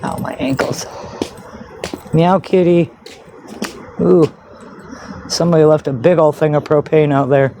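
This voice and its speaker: This woman vlogs casually while out walking outdoors on a neighborhood street, muttering curses and talking sweetly to cats in a sing-song way. She sits low in pitch, with fairly even intonation at normal speed, and background noise is clearly audible.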